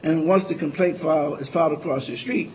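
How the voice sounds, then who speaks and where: A man arguing an appeal before a panel of judges, earnest and halting, with frequent restarts. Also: fairly high pitch, slight background noise, poor audio. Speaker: appellate lawyer arguing for the appellant. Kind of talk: courtroom oral argument.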